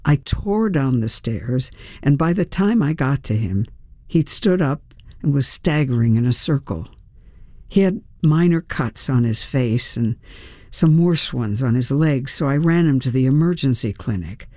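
A woman voicing a soft-spoken male police officer who talks quietly about his dog, in an audiobook. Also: rumbling low, expressive, a little slow, no echo, clean studio sound. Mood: subdued, worried. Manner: quiet, hushed. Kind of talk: audiobook character reading.

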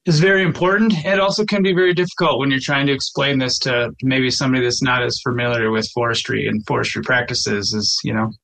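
A man who works as a forester, answering interview questions in a plainspoken, halting way with frequent restarts. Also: medium pitch, steady tone, gravelly, sharp tone, poor audio.

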